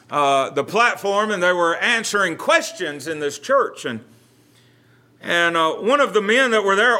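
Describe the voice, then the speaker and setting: A high-pitched man with a sharp tone leads a Bible study as pastor. He speaks earnestly and conversationally, often repeating words while he collects his thoughts.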